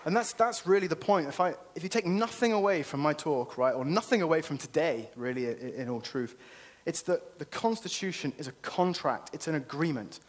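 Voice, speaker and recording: A man's voice: on the high side, fairly quick, slight background noise. A man giving an earnest, persuasive conference talk and often checking in with "okay?". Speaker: conference speaker. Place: conference venue.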